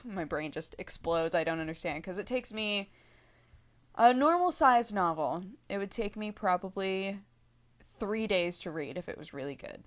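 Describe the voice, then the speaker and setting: A woman's voice: medium pitch, expressive, normal speed. A young woman telling a rambling story to her vlog viewers, full of fillers, asides and giggles. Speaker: vlogger.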